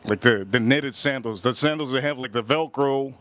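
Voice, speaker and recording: This Miami-area whiskey channel host rambles through a long story during a livestream, repeating himself and animatedly quoting others' voices. He speaks at a moderate pace in a mid-range voice.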